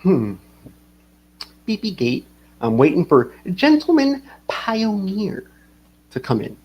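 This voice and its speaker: Rambling husky man live-streaming. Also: sits high, wildly swooping pitch, slow, dull audio. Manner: rambling, swearing, reads chat aloud. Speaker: livestream host. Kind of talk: casual livestream commentary.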